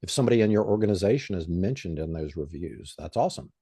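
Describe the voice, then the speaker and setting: A man's voice: low voice, lively intonation, fast talker, warm tone, husky, no room sound, clean studio sound. A man who is a guest on an interview show, explaining in a plain, conversational way with frequent "um" and "you know.". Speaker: guest expert.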